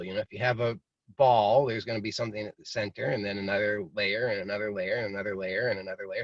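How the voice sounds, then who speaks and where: A man's voice: lowish voice, fast talker, no echo. Rambling man teaching on a muffled call. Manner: relaxed and rambling, acts out inner voices. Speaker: meditation teacher. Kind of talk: casual spoken teaching. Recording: dry, slightly muffled video call audio.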